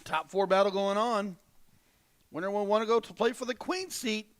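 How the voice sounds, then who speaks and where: A man doing live darts commentary, excitable and animated in his play-by-play. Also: high-pitched, moderate pace, a little hiss or hum.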